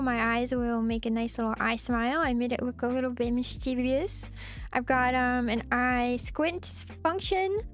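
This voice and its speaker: A woman with a high, bright pitch chats casually on a live stream, playful and giggly, slipping into cutesy teasing. Soft background music plays faintly underneath her. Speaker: VTuber streamer.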